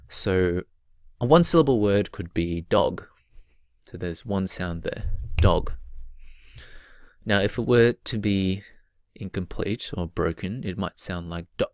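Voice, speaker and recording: A man teaching a recorded poetry lesson, explaining patiently and stretching out example words slowly. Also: sits low, no echo, clean studio sound.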